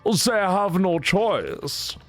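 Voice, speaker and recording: A man voicing a smug, taunting male video game villain, drawing his words out slowly and a bit higher than his usual voice. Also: animated, soft background music, full character voice.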